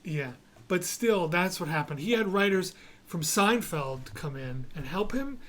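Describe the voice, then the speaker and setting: A man's voice: high-pitched, expressive, measured pace, a bit bright. New York-accented man rambling casually. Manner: rambling, restarts, storytelling. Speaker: podcast host. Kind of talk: casual chat.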